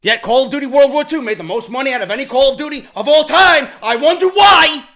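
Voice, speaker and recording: A vlog host delivers a profane rant. His voice sits very high and sounds bright and edgy. He swings from shouted outbursts down to low, grumbling asides. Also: expressive, quick pace. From New York. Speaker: YouTube show host. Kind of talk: ranting commentary vlog.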